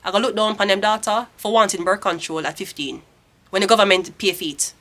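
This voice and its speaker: A woman's voice: mid-range voice, fairly even intonation, quick pace, fairly bright tone. A woman in her thirties with a Jamaican accent giving a casual tarot reading, ranting bluntly and swearing freely. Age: 30s. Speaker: tarot reader.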